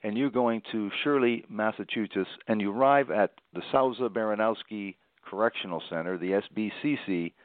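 A man hosting a book interview, introducing his guest formally and asking measured questions. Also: lowish voice, no echo. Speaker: radio show host. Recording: tinny phone-like line, dry.

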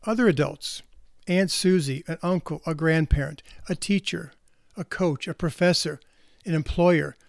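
A man's voice: fairly high pitch, moderate pace, gravelly, no echo, studio quality. A man speaking earnestly as a counselor to parents, often restarting and repeating words as he talks. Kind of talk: reflective spoken talk.

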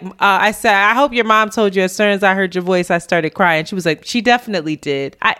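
A woman in her thirties co-hosting a podcast, chatting casually and telling stories with lots of laughter, her voice jumping high when she quotes people. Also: fast talker, few pauses, smooth. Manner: animated storytelling, laughs often, voice jumps high when quoting. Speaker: podcast co-host. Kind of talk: casual chat.

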